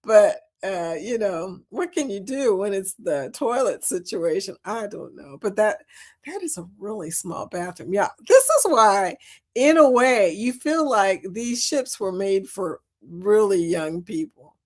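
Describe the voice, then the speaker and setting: A woman's voice: medium pitch, unhurried. A middle-aged woman hosting a casual livestream chat, reading viewer comments and telling stories with frequent laughter. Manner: chatty, laughs often, animated storytelling. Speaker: host of a cruise chat livestream.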